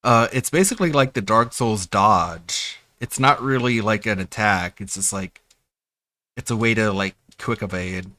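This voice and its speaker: A man's voice: lowish voice, unhurried, sharp tone, no room sound. A male streamer chatting loosely while gaming, hiccuping after drinking. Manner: rambling, loose asides. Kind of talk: casual chat while gaming.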